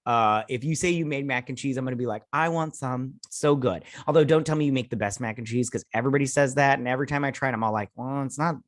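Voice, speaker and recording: A man's voice: mid-range voice, racing, hardly any pauses, dry recording, clean studio sound. A man hosting a casual review show, rambling and enthusiastic, full of fillers and chuckles. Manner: rambling, filler-heavy retelling. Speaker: show host. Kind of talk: casual episode recap and review.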